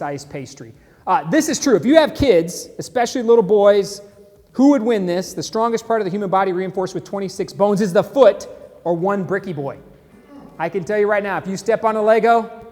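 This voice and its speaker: Casual, jokey male stream host; high voice, reverberant room. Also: darkish tone. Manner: chatty, jokey, laughs at memes. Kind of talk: casual live-stream commentary. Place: San Antonio, Texas.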